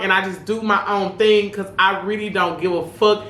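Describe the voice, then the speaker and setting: A woman co-hosts a podcast in a casual chat, speaking candidly and rambling, peppering her talk with "you know what I'm saying." Her mid-range voice is steady and a bit bright, at a moderate pace with few pauses. The room sounds roomy, with faint background noise.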